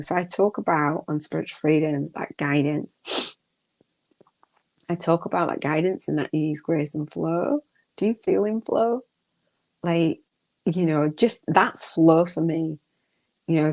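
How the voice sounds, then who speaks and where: A woman's voice: low-pitched, vocal fry, a little mellow. A middle-aged woman hosting a spiritual podcast, talking casually in a rambling, emotional way with many restarts. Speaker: podcast host.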